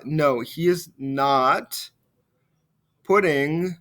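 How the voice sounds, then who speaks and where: A man teaching a recorded French grammar lesson. He explains step by step, slows down to model the French phrases, and drops quietly at the ends of phrases. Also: fairly high pitch. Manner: frequent fillers, trails off quietly at phrase ends.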